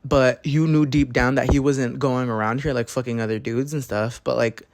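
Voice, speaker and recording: A man's voice: mid-range voice, steady tone, normal speed, dry recording, clean studio sound, lightly acted. Man quoting a blunt, chatty tarot reader. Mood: matter-of-fact. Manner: chatty, swears freely, filler-heavy. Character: blunt woman tarot reader, casual and sure.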